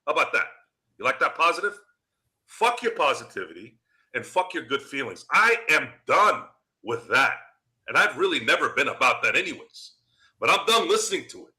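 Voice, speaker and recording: A man's voice: fairly high pitch, sing-song, moderate pace, bright, forceful tone. A man hosting a sports podcast, delivering a heated, profane rant and jabbing at his critics. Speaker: podcast host.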